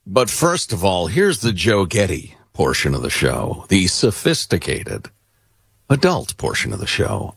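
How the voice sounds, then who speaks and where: A man's voice: wildly swooping pitch, a little slow, vocal fry, a bit bright, husky, dry recording, clean studio sound. A man co-hosting a talk radio show, joking and theatrical in casual banter. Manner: joking, theatrical, swings his pitch widely. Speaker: radio co-host.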